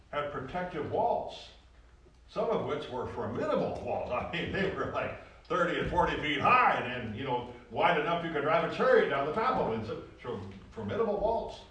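A male preacher delivers a folksy, animated sermon, driving his points home with repetition. His voice is bright and forceful, caught from a distance in a very echoey church with faint room noise. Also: mid-range voice. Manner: folksy, animated storytelling with repeated phrases. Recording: roomy echo, distant from the mic.

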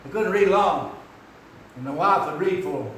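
A man preaching a rambling, folksy sermon that climbs into shouts. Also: a little high, animated, moderate pace, a little hiss or hum. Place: church. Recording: echoey hall from far off.

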